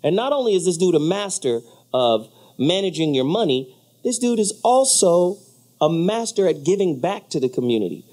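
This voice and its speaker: A radio host in his studio, talking casually and with hype. His pitch swings widely up and down as he talks. The delivery is animated and loud at the peaks. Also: moderate pace. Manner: animated, hyped.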